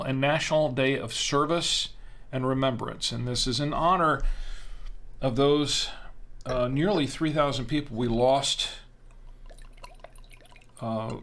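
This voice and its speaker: Man, gravelly voice, mid-pitched, casual livestream chat, rambling with fillers. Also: a bit bright. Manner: rambling, full of fillers and restarts, reads out viewer chat. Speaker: wine-tasting livestream host.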